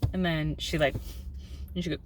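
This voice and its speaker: A woman in her thirties speaks in a candid home vlog, open and confessional, sprinkling in ums. Her voice sits on the lower side. A faint hiss of room noise runs under her. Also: steady tone, normal speed. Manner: open and confessional, with filler ums and self-deprecating laughs. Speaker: mom vlogger.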